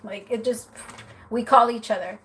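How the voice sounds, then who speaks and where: A woman's voice: a little high, fairly even intonation, normal speed, a bit bright, low-quality recording. A woman giving tarot readings on a live stream, chatty and apologetic, laughing often. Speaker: tarot reader.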